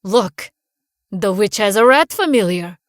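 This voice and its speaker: A woman's voice: mid-range voice, animated, measured pace, no room sound, studio quality, natural voice. A woman doing a sneering young bully. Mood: hostile. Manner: sneering, threatening. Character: young male Russian bully, hostile and leering.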